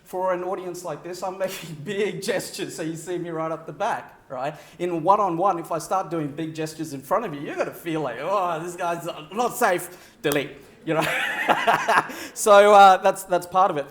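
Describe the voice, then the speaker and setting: A man giving a keynote speech to a live audience, animated, shifting his pitch and pace for effect and laughing often. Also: moderate pace, reverberant, slight background noise. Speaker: keynote speaker. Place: large venue with audience.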